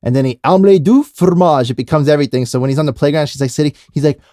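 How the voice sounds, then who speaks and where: A man co-hosting a casual podcast chat, laughing often, his mouth dry and a little hoarse. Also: medium pitch, level tone, very fast, dark tone, no echo. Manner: laughing, does cartoon voices. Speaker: podcast co-host.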